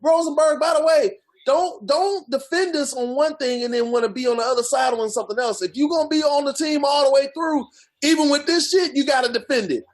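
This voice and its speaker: A man's voice: very high voice, a little fast. A man co-hosting a podcast, ranting in heated, profane casual chat. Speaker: podcast co-host.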